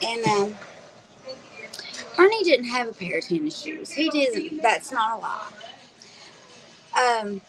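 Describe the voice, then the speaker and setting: A woman's voice: a little high, expressive, takes it slowly, pauses often, a crowd in the background, low-quality recording. A woman chatting casually with her husband on a livestream, teasing and using many ums. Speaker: co-host, the vlogger's wife. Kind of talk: casual chat. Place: restaurant.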